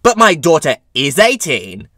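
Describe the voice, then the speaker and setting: A man's voice: a little high, huge pitch swings, a little slow, a bit bright, no room sound, clean studio sound, heavily acted. A man voicing a pushy, entitled middle-aged mother who argues indignantly with a cashier. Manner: indignant, demanding, screaming at times.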